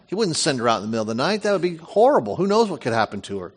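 A middle-aged man preaching a sermon, reading scripture aloud and breaking off into lively asides and family stories. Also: mid-range voice, racing, few pauses, husky. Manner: animated storytelling, reads scripture with lively asides. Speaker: pastor.

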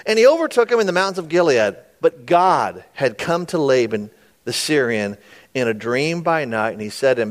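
A man's voice: medium pitch, very animated, normal speed. A man preaching a sermon, retelling scripture with folksy, conversational asides to his listeners. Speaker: pastor.

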